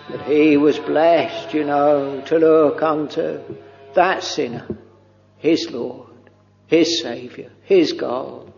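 Man preaching, very slow and halting, slightly high voice, dull lo-fi recording, long church-hall reverb. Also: gravelly, faint music behind. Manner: very slow, halting, with long pauses and soft trailing phrases. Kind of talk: slow devotional sermon.

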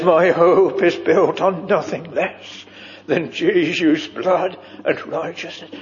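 A man preaching a solemn old-fashioned sermon in a church, slow and earnest, dropping at times to a hushed whisper. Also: fairly high pitch. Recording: muffled old church recording with long reverb.

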